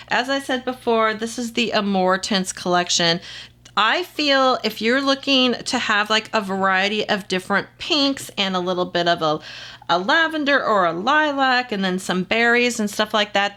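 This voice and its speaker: Gushing woman with a lively, swooping voice. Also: mid-range voice. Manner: gushing, repeats praise over and over. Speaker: nail polish reviewer. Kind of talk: casual product review narration.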